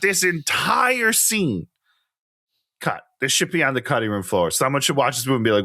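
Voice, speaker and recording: A man co-hosting a podcast, reacting to a movie in casual chat, animated and incredulous, laughing often. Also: mid-range voice, moderate pace, no room sound, clean studio sound. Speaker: podcast co-host.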